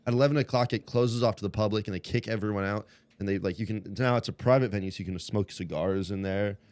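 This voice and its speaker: Dude rambling through a story on a podcast, tons of likes and ums, super animated. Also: male voice, on the low side, quick pace.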